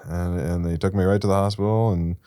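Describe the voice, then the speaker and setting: A young man with an extremely deep voice tells a rambling, candid recovery story into a podcast mic. The sound is close and dry, with no room around it, and his voice climbs loud and intense at the peaks. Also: steady tone, fairly quick, clear, resonant tone, no room sound. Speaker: podcast guest.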